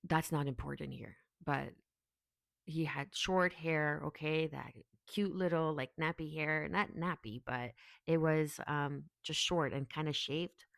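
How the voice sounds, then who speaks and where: A woman's voice: sits low, fairly even intonation, a little slow, gravelly, no room sound. Woman tarot reader, chatty, rambling, talks to the viewer, dry close sound. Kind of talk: casual tarot reading to camera.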